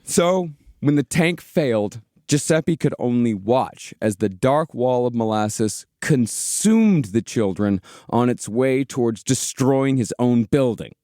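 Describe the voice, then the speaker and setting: A man hosting a comedic history podcast, telling the story in a steady way with casual swearing. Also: mid-range voice, slow, hardly any pauses, no room sound, clean studio sound. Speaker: podcast host, narrator.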